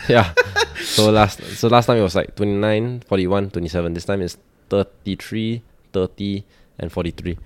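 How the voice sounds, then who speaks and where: A man's voice: fairly low pitch, fairly even intonation, normal speed, no room sound. A man in his late twenties with a Singaporean English accent, chatting casually as a podcast guest with lots of restarts. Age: 20s. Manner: chatty, lots of restarts and fillers, laughs easily. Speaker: guest athlete.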